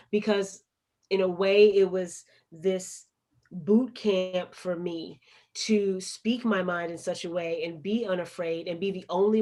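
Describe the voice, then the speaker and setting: An American poet and activist with a Chicago accent tells her story while being interviewed. Her voice sits at medium pitch, and she comes across as earnest and emphatic.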